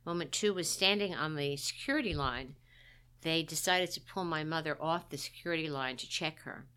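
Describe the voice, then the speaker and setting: Middle-aged woman, low voice with a bright edge, wry candid storyteller. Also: normal speed, clean tone. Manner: candid, wry, self-deprecating. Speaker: guest. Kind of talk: personal storytelling in conversation.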